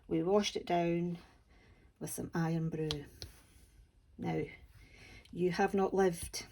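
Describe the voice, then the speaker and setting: A woman's voice: fairly low pitch, mellow. A Scottish woman from Scotland, hosting a crafting channel and chatting casually to camera in a homely, self-deprecating way.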